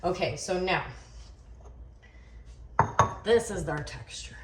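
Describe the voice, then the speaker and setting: In her home kitchen, a cooking channel host makes a casual video, chatty and joking at her own expense. Her low voice moves at normal speed with long pauses. The audio is echoey, with a distant mic and background noise.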